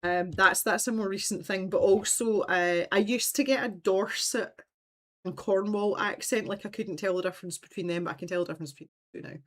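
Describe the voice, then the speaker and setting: A Scottish woman in her thirties, hosting a livestream in animated, chatty conversation and laughing often. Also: mid-range voice, brisk. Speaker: livestream host. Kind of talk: casual chat.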